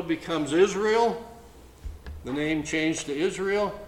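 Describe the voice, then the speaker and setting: Male pastor preaching, slow, deliberate and emphatic, slightly high voice, roomy echo. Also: a little hiss or hum. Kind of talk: sermon. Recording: echoey room with faint ambience.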